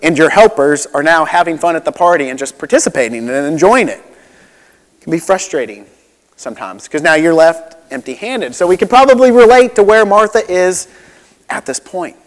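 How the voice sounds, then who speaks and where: A man's voice: on the high side, lively intonation, normal speed, in a large hall. A man preaching a sermon as a pastor, conversational and relatable, with frequent asides and restarts.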